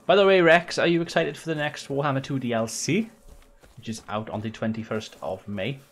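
Fairly quick and a bit bright in a mid-range voice, this young gaming streamer from Wales keeps up a casual let's-play commentary. He swears, cracks jokes and talks directly to his chat.

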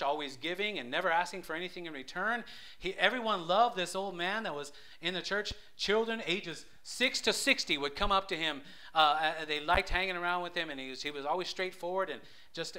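A man preaching a conversational sermon, telling stories with frequent restarts and rising loud for emphasis. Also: fairly high pitch. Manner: many restarts and stammers. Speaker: lay preacher.

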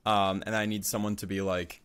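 A man's voice: lowish voice, little pitch movement, a little fast, a bit bright, smooth. A man co-hosting a podcast, chatting casually in a supportive, joking way and acting out quoted lines. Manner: supportive, joking, does playful quoted voices. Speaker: podcast co-host. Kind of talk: casual chat.

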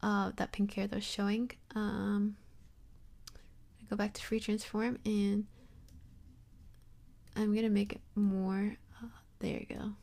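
A young woman walks through a software tutorial in a loose, rambling way, full of fillers and self-deprecating asides. Her voice sits at a middle pitch with a gravelly, fry-tinged edge. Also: level tone, takes it slowly, pauses often. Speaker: tutorial host. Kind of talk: casual screen-recorded software tutorial.

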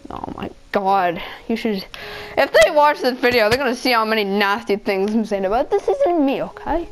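A woman's voice: on the high side, normal speed, music in the background. A woman giving casual gaming commentary, trading childish insults and mock-angry rants at other players. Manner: childish trash talk and insults; playful, mock-angry ranting. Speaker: gameplay video maker.

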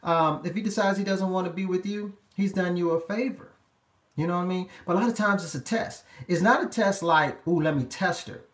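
A man's voice: high-pitched, fairly quick. Emphatic man coaching in an echoey room. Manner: emphatic, repetitive, talks straight to the viewers. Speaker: relationship life coach. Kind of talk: live-streamed advice talk.

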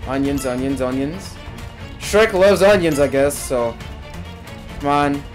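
A man's voice: a little high, expressive, takes it slowly, soft background music. A young man giving jokey, casual commentary while playing a game, talking to his viewers and turning frantic when he panics. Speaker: gaming video creator. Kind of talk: casual let's-play commentary.

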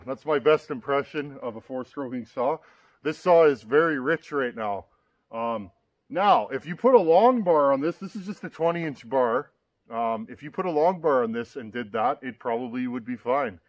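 A chainsaw repair demonstrator runs a hands-on workshop, talking plainly and directly to viewers he calls "guys." His voice is a bit higher than most men's, and now and then he raises it as though speaking over a running engine.

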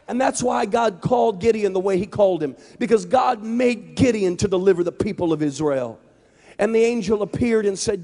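A man preaching an evangelistic sermon with impassioned delivery that builds to shouts. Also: high-pitched, moderate pace. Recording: long hall reverb.

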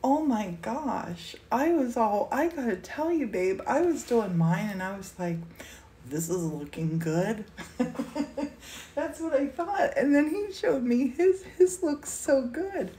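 Gushing, teary woman with a high voice. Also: expressive, slow pace, dark tone. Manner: gushing, tearful, exclaims often. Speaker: host of a painting livestream. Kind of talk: emotional casual chat. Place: indoor studio.

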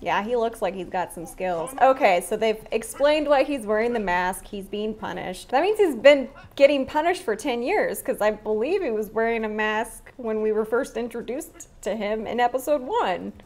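A woman's voice: on the high side, expressive, moderate pace, few pauses, darkish tone. Chatty woman reacting to a drama. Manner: chatty, laughs often, talks back to the screen. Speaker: drama reaction channel host. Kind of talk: casual reaction commentary.

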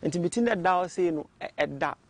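A man, a guest in an interview, telling his story in a halting way and often repeating words. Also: a little high, animated, slightly rough. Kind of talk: casual testimony interview.

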